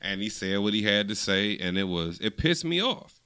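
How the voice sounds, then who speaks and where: A man co-hosting a casual podcast chat, telling a long animated story and acting out what others said. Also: lowish voice, normal speed, clean tone. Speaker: podcast co-host.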